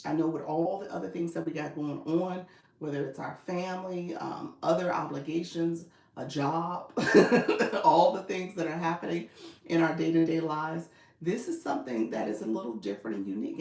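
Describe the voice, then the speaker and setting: In a deep, darkish voice with vocal fry, a woman coaches viewers on a live stream at normal speed. She chats casually, laughs often, and reads comments aloud, recorded in an echoey room.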